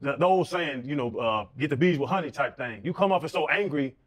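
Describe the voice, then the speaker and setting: A man's voice: fairly high pitch, animated, fairly quick. A man co-hosting a podcast interview, questioning in a hesitant way and searching for words.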